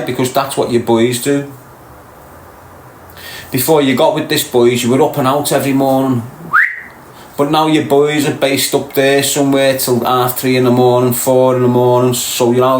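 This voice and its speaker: A man's voice: mid-range voice, a little hiss or hum. Blunt Scouse man lecturing in an echoey room. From Liverpool, England. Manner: blunt, preachy, lectures viewers directly. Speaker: podcast host. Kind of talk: live-stream monologue to viewers.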